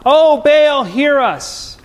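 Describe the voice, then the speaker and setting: A man voicing a desperate male worshipper pleading louder and louder, in a reverberant hall. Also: very high voice, normal speed. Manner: pleading, rising to a shout.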